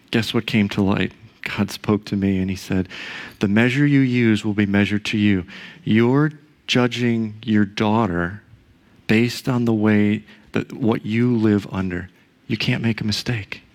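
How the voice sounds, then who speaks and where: With a fairly low-pitched male voice, a middle-aged pastor recounts a personal story in his sermon, chatty in tone and frequently adding asides and tag questions.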